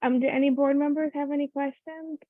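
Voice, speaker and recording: A woman's voice: sits high, fairly even intonation, brisk, no echo. A woman chairing a public board meeting, thanking speakers and passing the floor with brief, cordial remarks. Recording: dry tinny phone-like audio.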